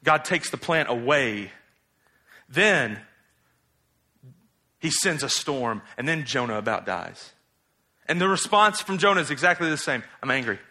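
A man preaching an expository sermon in a conversational, animated way, asking rhetorical questions. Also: a little high, a little slow, pauses often.

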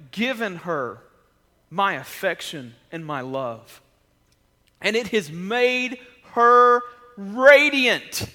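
A man preaching a sermon in a casual, conversational way, with many restarts, swinging between loud emphasis and quiet, intimate stretches. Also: sits high, big-room sound. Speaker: pastor.

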